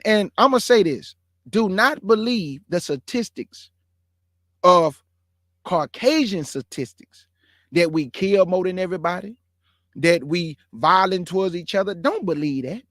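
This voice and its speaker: A man's voice: a little high, no echo, clean studio sound. A man hosting his own show, talking straight to viewers in an earnest, impassioned monologue and calling them family and brother. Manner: earnest, addresses listeners as family and bruh; grows heated and emphatic. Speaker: show host.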